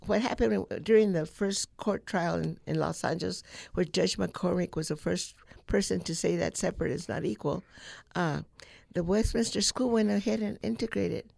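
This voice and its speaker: A woman in her eighties from California, a radio interview guest recounting childhood memories in a reflective, halting way. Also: lowish voice, gravelly, darkish tone, no room sound. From California, United States. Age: 80s. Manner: storytelling, reflective, halting with fillers. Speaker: guest, civil rights activist.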